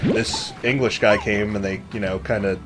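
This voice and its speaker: A man's voice: fairly low pitch, steady tone, moderate pace, background noise. A man co-hosting a casual gaming podcast, telling long, rambling stories and swearing casually. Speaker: co-host.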